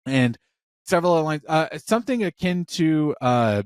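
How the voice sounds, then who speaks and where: A man in his thirties co-hosting a podcast in casual chat, rambling and excitable, swearing often, with a parent's warmth about films. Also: fairly high pitch, normal speed, clear, resonant tone, no room sound, studio quality. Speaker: podcast co-host.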